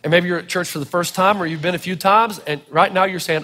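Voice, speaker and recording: A man preaching a sermon, animated and playful, acting out quotes as he goes. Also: high-pitched, quick pace, hardly any pauses, in a large hall, a little hiss or hum. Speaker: pastor. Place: church hall with audience.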